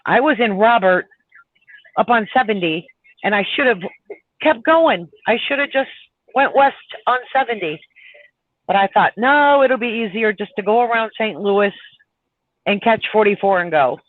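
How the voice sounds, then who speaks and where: A man's voice: high-pitched, expressive, normal speed, long pauses, dry recording. A man, a truck driver, telling a long road story in a chatty way on a live stream. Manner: chatty, laughing, retells arguments with heat. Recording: tinny phone-like line.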